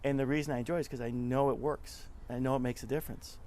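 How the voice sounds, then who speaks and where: A man's voice: medium pitch, quick pace. Chatty middle-aged man telling stories. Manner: chatty, animated storyteller who acts out quotes. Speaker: interview guest, nonprofit club leader. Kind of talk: casual storytelling interview.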